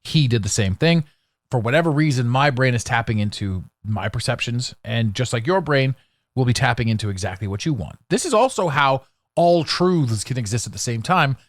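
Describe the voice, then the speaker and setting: A man hosts his own podcast alone, speaking bluntly with a sarcastic edge and stumbling restarts. His pitch swings widely as he gets worked up. The recording is dry and close, with no room sound. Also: animated, moderate pace, no echo. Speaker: podcast host. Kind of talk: solo podcast monologue.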